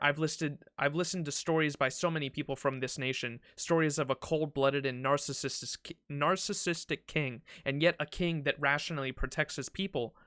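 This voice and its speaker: A man's voice: a little high, pushed and bright, no room sound, studio quality. A man voicing a hot-tempered young woman monk in a game, earnest and scolding.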